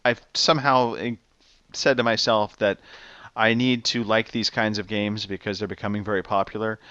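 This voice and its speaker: A man's voice: on the low side, level tone, moderate pace, pushed and bright, clear, resonant tone, no echo, dull audio. A man hosting a gaming podcast, leading casual chat with teasing banter. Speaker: podcast host.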